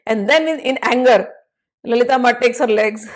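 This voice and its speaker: A woman narrating a devotional story and explaining hymn verses as a spiritual teacher, in an animated, conversational way. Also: fairly high pitch, measured pace, pauses often.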